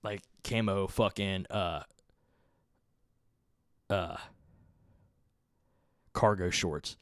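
With a low voice and a steady tone, this young man speaks very slowly as he hosts his podcast. His casual story wanders on at length, full of curses and filler, captured in a dry, clean studio recording.

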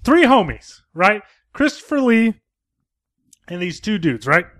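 A man with a high, bright voice tells a film's plot on a casual podcast recorded at home. His pitch leaps around as he rambles and swears his way through the story. He talks with loose, animated energy. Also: unhurried. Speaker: podcast host. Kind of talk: casual podcast chat, retelling a film.

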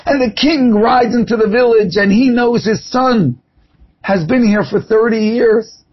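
A man's voice: extremely high pitch, a little slow, breathy edge, lo-fi sound. A man giving an impassioned sermon, telling a parable as a preacher. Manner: impassioned storytelling.

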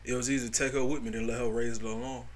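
A man with a Southern US accent, co-hosting a casual podcast, reading listener posts aloud and riffing on them in profane, animated talk. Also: mid-range voice, racing, slight background noise. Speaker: podcast co-host.

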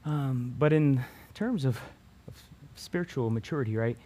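A man teaching a Bible passage to a group of students in a relaxed, conversational sermon. He tags his sentences with "right?" and often restarts a phrase before finishing it. His voice sits in a middle pitch. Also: moderate pace. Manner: keeps adding "right?" tag questions.

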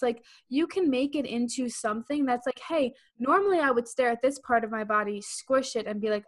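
A woman's voice: fairly high pitch, moderate pace, fairly bright tone. A young woman co-hosting a podcast in casual chat, who keeps acting out quoted inner voices. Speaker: podcast co-host.

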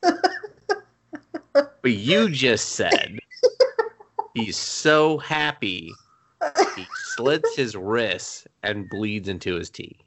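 A man co-hosting a podcast in casual chat, jokey and animated, swearing freely. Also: medium pitch, drawn-out words, pauses often, background noise. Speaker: podcast co-host.

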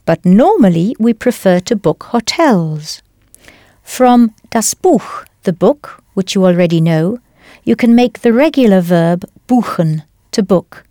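Female instructor, patient and clear, scripted lesson narration, dry booth. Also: mid-range voice, warm tone, no room sound. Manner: patient, clear, explains step by step. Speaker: language teacher.

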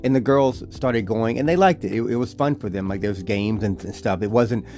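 Relaxed man chatting, faint music behind. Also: lowish voice, a little fast. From Georgia, US. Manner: relaxed, rambling, with restarts. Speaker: family vlogger, father. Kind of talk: casual chat.

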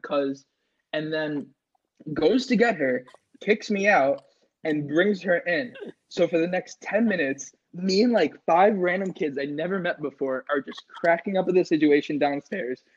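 A man's voice: sits high, expressive, normal speed, breathy edge. A young man telling a crude party story on a podcast, acting out his friends' lines in a casual, profane way. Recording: slightly dull lo-fi sound.

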